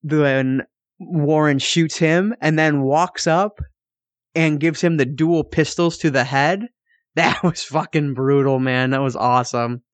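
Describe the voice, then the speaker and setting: A man co-hosting a film podcast, talking casually and excitedly, laughing and swearing as he reviews a movie. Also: on the high side, takes it slowly, no echo. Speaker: podcast co-host.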